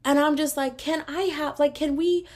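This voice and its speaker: A young adult woman from Texas with a Texan accent, hosting a podcast in a casual, animated solo rant full of fillers. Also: sits high. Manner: animated, exasperated, talks fast with many fillers. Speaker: podcast host.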